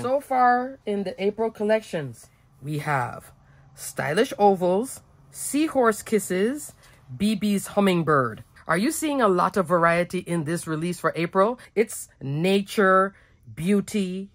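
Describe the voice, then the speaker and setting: A woman's voice: mid-range voice, no room sound. A woman hosting a crafting video, talking in a bubbly, chatty way with a smile in her voice. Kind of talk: casual product walkthrough.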